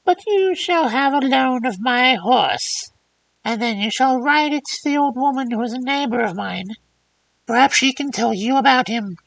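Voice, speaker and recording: A woman voicing an old crone in a fairy tale, with a high, cracked voice. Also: lively intonation, normal speed, vocal fry, dry recording, rough recording. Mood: cryptic.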